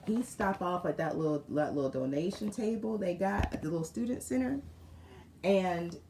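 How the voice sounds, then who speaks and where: Woman spiritual reader, lowish voice, lively storyteller, echoey room with faint hiss. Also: moderate pace. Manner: animated storyteller with asides to viewers. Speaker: tarot reader. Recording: roomy room with faint noise.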